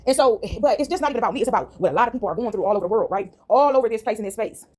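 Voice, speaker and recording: A woman ranting casually to her viewers from home into a phone, animated and rambling, tagging on "right?" and "y'all" constantly. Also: fairly high pitch, rapid-fire. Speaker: vlogger. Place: at home, indoors.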